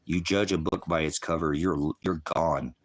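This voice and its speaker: A man's voice: rumbling low, steady tone, normal speed. A man delivering a heated, profane livestream rant at his viewers, mixing insults with scripture quotes. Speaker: online preacher and streamer.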